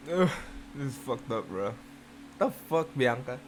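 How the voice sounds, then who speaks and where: A host reading fan fiction aloud in a casual reaction video, moving between slow, even reading and loud, shocked, swearing outbursts. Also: mid-range voice, slight background noise.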